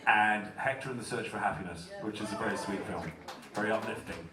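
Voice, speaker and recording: British male panel guest, lowish voice, loose and swearing, far-off echoey hall recording. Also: brisk, crowd noise. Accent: British English. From Britain. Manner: chatty, swears casually, self-deprecating. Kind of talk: convention Q&A, casual storytelling. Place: large convention hall.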